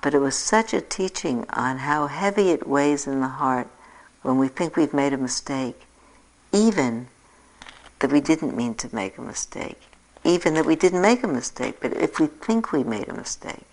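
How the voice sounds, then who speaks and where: A woman in her sixties giving a reflective dharma talk as a meditation teacher, telling a personal story with gentle self-mocking humor. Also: low voice, lively intonation, normal speed, low-quality recording. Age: 60s.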